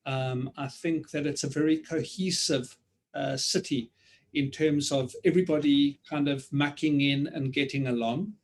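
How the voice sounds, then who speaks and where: A South African man speaking reflectively over a video call, with many pauses and ums. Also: on the high side, steady tone. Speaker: author guest. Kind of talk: reflective conversation.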